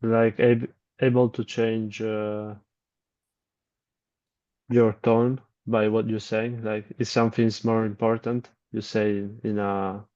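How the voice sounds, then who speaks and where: A man training in sales who speaks haltingly, with many fillers. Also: fairly low pitch, level tone, darkish tone, lo-fi sound. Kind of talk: hesitant practice pitch.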